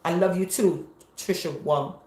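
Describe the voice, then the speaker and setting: A woman pastor preaching a live-streamed sermon, emphatic and repetitive, sometimes breaking into shouts. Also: lowish voice, a little slow, roomy sound.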